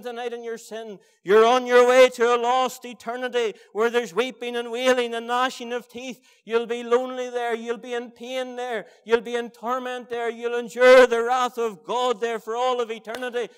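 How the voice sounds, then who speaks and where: A man with a Northern Irish accent preaching a fervent evangelistic sermon in a church meeting, swinging between hushed pleas and loud emphatic cries. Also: very high-pitched, clear, resonant tone.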